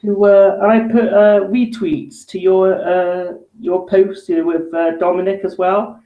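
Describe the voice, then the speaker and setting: A man's voice: sits high, flat delivery, a little slow, highs cut off. A man hosting a casual live chat, speaking hesitantly with many restarts. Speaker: host. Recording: roomy echo.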